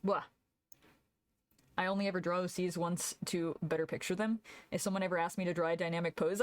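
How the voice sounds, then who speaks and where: A woman's voice: lowish voice, fairly even intonation, a little fast, a little mellow, dry recording. A young woman streamer chatting casually while she draws, laughing often and answering her chat aloud.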